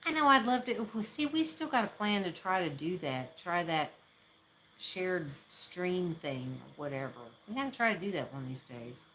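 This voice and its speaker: A woman's voice: on the low side, very animated, normal speed, fairly bright tone, slight background noise, low-quality recording. A woman from the Southern US with a Southern accent, chatting casually on a live stream, laughing often and poking fun at herself. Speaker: livestream host.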